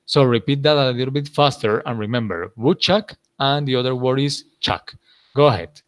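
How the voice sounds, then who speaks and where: A man teaching English, running a pronunciation drill; he praises his students often and models words slowly for them to repeat. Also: mid-range voice, expressive, no echo.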